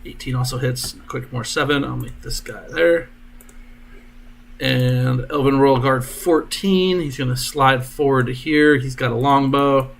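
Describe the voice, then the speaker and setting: A man as dungeon master, narrating combat turns with brisk, jokey asides. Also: mid-range voice, fairly even intonation, vocal fry.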